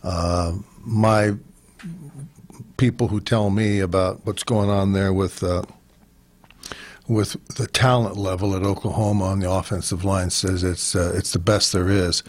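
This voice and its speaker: Low-voiced guy on sports radio, blunt and jokey, repeats stuff, dry mic. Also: steady tone, unhurried, no echo. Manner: joking, blunt, repeats himself. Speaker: sports radio co-host, former pro football player. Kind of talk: casual sports talk radio.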